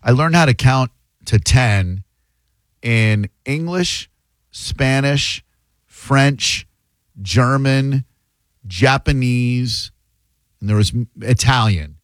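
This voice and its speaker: A man's voice: medium pitch, drawn-out words, long pauses, no room sound. Joking male talk radio host. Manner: joking, sarcastic asides. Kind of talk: casual talk radio banter.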